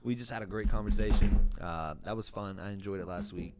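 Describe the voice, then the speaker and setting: A young man co-hosts a podcast, chatting in a laid-back, rambling way, laughing often and restarting phrases. His voice is fairly low and brisk, with heavy background noise.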